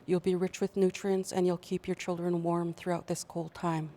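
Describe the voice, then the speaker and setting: The Creator, a grave male maker spirit, hands down judgement in a low, mellow voice that a woman storyteller lends him. The pitch stays level and unhurried throughout. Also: lightly acted. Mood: stern. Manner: slow, even storytelling delivery. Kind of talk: oral storytelling.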